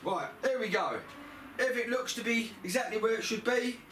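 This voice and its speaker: A man's voice: very high-pitched, a little fast, a bit bright, slight background noise. A man casually talking through a motorbike service he is doing, in a chatty, grumbling, matter-of-fact way. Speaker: motorbike mechanic vlogger. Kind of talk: casual working commentary. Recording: roomy sound from a distant camera mic.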